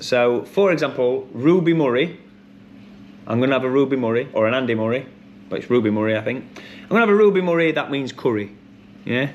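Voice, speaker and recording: A man hosting a pub quiz, chatty and rambling with many ums and restarts, who reads each question and then repeats it slowly. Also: mid-range voice, lo-fi sound, a little hiss or hum. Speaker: quiz host.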